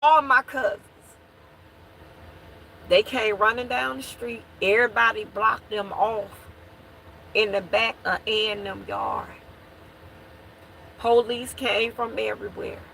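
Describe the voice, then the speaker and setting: A woman's voice: medium pitch, steady tone, a little slow, creaky, sharp tone, slight background noise. A woman telling an emotional personal story to her viewers. She restarts and repeats herself as she relives it, and she keeps calling out to her listeners.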